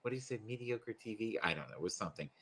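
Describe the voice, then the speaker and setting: A man chatting casually on a group livestream, his voice bright and forward. He tells stories with animation and breaks into laughter often. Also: on the low side, expressive, very fast, breathy edge.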